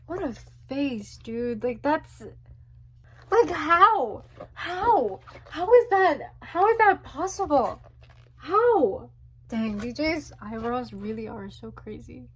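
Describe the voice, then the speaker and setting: A young woman chatting casually as she unboxes albums, gushing and squealing with excitement. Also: sits high, slow, slight background noise.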